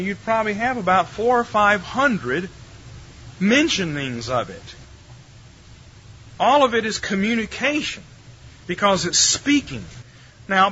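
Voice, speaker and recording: An older man with a high-pitched, bright, forceful voice gives a theology lecture to a live audience, wry and conversational, posing rhetorical questions to listeners. The recording is muffled with a little hiss or hum.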